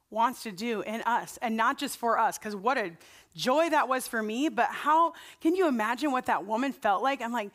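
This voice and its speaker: Woman preacher, kinda high voice, chatty and earnest, storytelling from the pulpit. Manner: conversational storytelling, earnest and animated. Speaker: pastor. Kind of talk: sermon.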